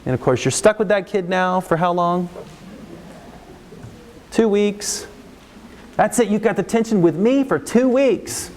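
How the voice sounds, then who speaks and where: In a large hall full of long reverb, a middle-aged counselor with a fairly high voice addresses a live workshop audience on parenting. His pace is measured with long pauses, he acts out parents and kids animatedly in raised voices, and there's slight background noise.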